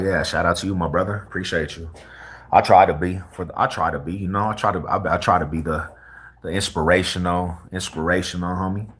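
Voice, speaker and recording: A man's voice: sits low, fairly bright tone, breathy edge. A young man from Colorado chatting casually with viewers on a livestream, laid-back and full of street slang. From Colorado, USA.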